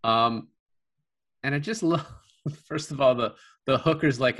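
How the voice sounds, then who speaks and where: A man's voice: medium pitch, measured pace, pauses often, fairly bright tone. A man casually reviewing a film with a co-host, rambling with many fillers and restarts. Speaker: podcast co-host. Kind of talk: casual movie review chat.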